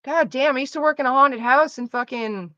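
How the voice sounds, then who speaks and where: A female streamer vents sarcastically in casual chat, ranting and swearing freely in a bright, sharp, fairly high voice. She speaks briskly, and the dry recording sounds a little muffled and close to a desk mic.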